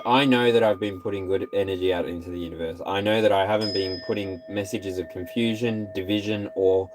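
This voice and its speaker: A man giving a casual tarot reading, animated and repetitive, now and then singing or whooping. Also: mid-range voice, slight background noise. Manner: animated, repeats phrases, breaks into scat singing and whoops. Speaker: tarot reader.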